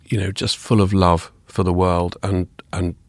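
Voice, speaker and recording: A man's voice: deep voice, flat delivery, moderate pace, no room sound. A man being interviewed as an art historian, talking eagerly in long, rambling answers full of restarts. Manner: enthusiastic, rambling with frequent restarts. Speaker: guest, art historian and author. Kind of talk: conversational interview.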